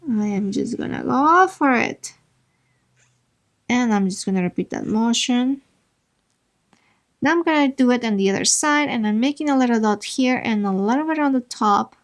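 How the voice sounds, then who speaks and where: A woman with a somewhat high voice hosts a drawing tutorial, chatting casually while she works and tossing playful asides to herself.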